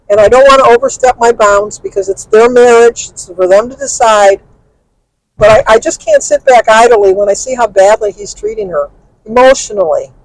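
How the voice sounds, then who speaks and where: A woman's voice: fairly high pitch, no room sound, poor audio. An older woman vlogging from her car as she drives, venting bluntly and angrily and swearing freely. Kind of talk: venting personal story to camera. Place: in a car while driving.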